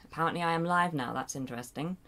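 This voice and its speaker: A woman with an English accent and a low, deep-set voice chats casually on a home livestream. She rambles and hesitates, tosses in fillers and little self-deprecating chuckles. She sounds close to a desk mic at her computer. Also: quick pace, a bit bright. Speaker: livestream host. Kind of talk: casual live chat reading viewer comments. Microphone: desk mic near a loud keyboard.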